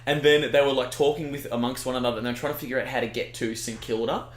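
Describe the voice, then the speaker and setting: A man's voice: mid-range voice, steady tone, fast talker, reverberant. A man in his twenties with an Australian accent, a chatty storyteller who swears freely as he co-hosts a casual podcast. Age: 20s. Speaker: podcast co-host. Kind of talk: casual chat.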